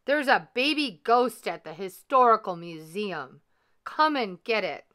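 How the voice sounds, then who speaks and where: A woman voicing an irritable, hot-tempered old male museum keeper who shouts and blusters. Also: medium pitch, sing-song, measured pace. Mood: shouting.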